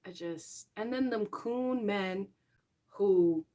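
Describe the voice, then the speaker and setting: A young woman hosting a casual livestream chat, talking straight to her viewers in an animated way and laughing often. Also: mid-range voice, slow pace. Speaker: livestream host.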